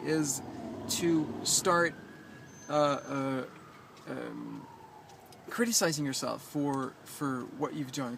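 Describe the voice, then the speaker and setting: Man, life coach, casual vlog, hesitant with lots of ums, reflective and reassuring, slightly high voice, outdoors on a rooftop. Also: gravelly, background noise. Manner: hesitant, many ums and restarts.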